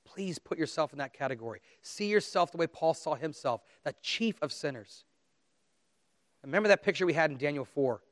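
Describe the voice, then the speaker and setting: A man's voice: on the high side, expressive, moderate pace, no echo, clean studio sound. A man preaching a sermon, earnest and emphatic, reading scripture aloud with dramatic emphasis. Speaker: pastor.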